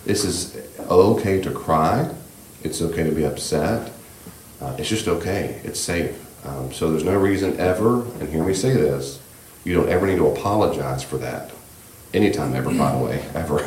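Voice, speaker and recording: A man leading a church class on grief, speaking in a gentle, reassuring, conversational way with many fillers. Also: deep voice, roomy sound, slight background noise. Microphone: room microphone.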